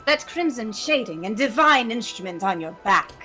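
A woman's voice: a little high, lively intonation, rapid-fire, soft background music, lightly acted. A woman reading Waka in fake British. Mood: flirtatious. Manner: put-on fake British accent.

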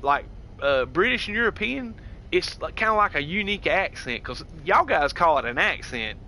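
Streaming a game, a Southern-accented American man keeps things laid-back and chatty, reading out chat and drawling words like "dude" and "heck yeah." His fairly high voice is sing-song, pushed and bright, at normal speed, with a little hiss or hum.

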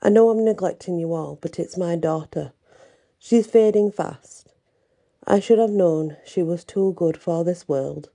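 A woman reading out a tired sorrowful chaplain in a storybook tale, soft-spoken and breathy, with a low, mellow voice. He speaks gently through his grief. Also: measured pace. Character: gentle grieving male prison chaplain.

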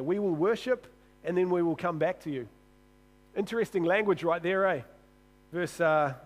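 A man's voice: on the high side, poor audio. A man preaching a sermon in a church, casual and joking, often stumbling and repeating his words as he reads and comments.

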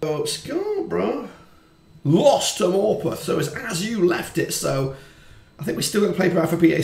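A man commentating on his football management game, chatty and quick to swear when frustrated. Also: a little high, creaky, roomy sound. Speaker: gaming YouTuber. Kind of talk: let's-play commentary.

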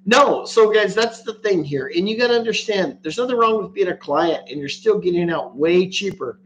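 A man hosting a loose livestream, talking crudely and bluntly to his viewers. His voice sits slightly higher than most men's. A faint electrical hum runs under the recording. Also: animated, normal speed, a bit bright, rough recording. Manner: crude, blunt, laughs often. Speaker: livestream host. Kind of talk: casual livestream chat.

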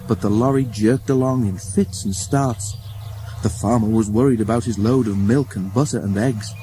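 A man narrating a children's railway story in a measured, expressive reading voice. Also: lowish voice, a little hiss or hum. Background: music.

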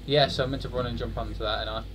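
A young man commentating on his own horror-game playthrough, muttering and swearing, then bursting into loud shouts. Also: medium pitch, steady tone, quick pace, faint music behind. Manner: swears a lot, swings from muttering to loud outbursts. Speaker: gaming streamer. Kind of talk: let's play commentary.

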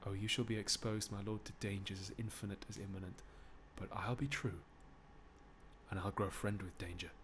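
A man voicing a grave, lovesick young prince in a hushed, mournful reading. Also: lowish voice, fairly even intonation, moderate pace, slight background noise, pitched below the performer's own voice, lightly acted. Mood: earnest. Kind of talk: dramatic reading aloud.

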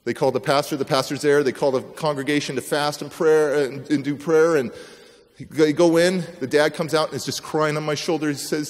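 This man, a motivational speaker, acts out the people in a personal story he tells dramatically, his speech echoing with the long reverb of a large hall. His voice sits on the high side with fairly even intonation, and he talks fairly quickly.

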